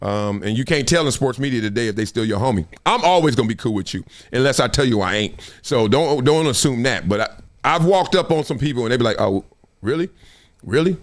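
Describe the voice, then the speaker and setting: This casual chat comes from a middle-aged show host whose talk is slangy and lively. Frequent laughs and quick jumps in pitch run through his speech.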